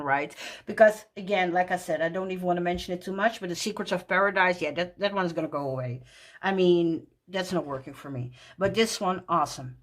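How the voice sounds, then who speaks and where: A woman walking through a tarot deck in casual talk, gushing and excited, laughing often. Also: on the low side.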